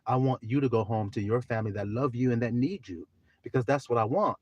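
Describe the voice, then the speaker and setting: A man preaching on a livestream, swinging from soft talk to shouting and drawing out scripture slowly. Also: medium pitch, no echo. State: teary. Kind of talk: livestream sermon.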